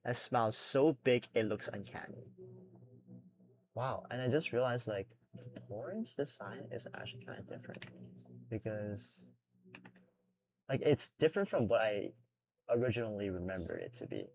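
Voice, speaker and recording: A man's voice: fairly low pitch, very animated, moderate pace, pauses often. A young man chatting casually while he draws, rambling with lots of fillers and swearing, a little self-conscious. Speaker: drawing vlogger. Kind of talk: casual unscripted talk while drawing.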